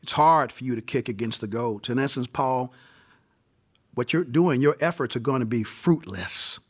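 A man's voice: medium pitch, moderate pace, fairly bright tone, breathy edge. A man preaching an impassioned sermon at a seminary gathering, repeating phrases and addressing his listeners directly.

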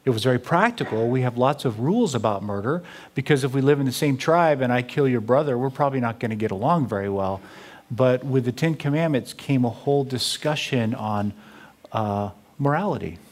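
Man speaker, lively storyteller, acts out dialogue, humor-driven talk to a crowd. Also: medium pitch, brisk. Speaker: speaker on theology.

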